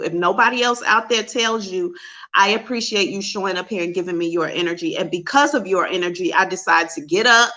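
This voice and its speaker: A woman's voice: mid-range voice, fairly quick, pushed and bright. A woman psychic host giving an emotional, confessional talk to her livestream viewers over a webcam.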